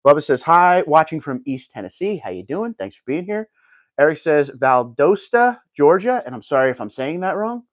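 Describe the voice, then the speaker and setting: A man's voice: fairly high pitch, very animated, moderate pace, dry recording. A man hosting a casual livestream, chatting and reading viewer comments aloud. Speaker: livestream host reading chat.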